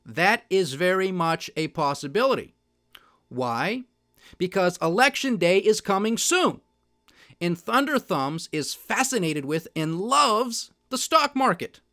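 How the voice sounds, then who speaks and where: Sardonic male podcast host, higher voice, emphatic solo rant on markets. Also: expressive, unhurried, sharp tone. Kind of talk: solo political and market commentary.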